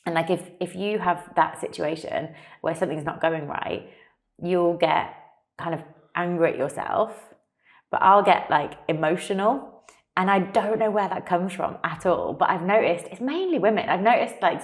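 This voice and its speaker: Low-voiced chatty woman. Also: moderate pace. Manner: chatty, laughs often, trails off mid-sentence. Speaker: podcast co-host. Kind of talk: casual chat.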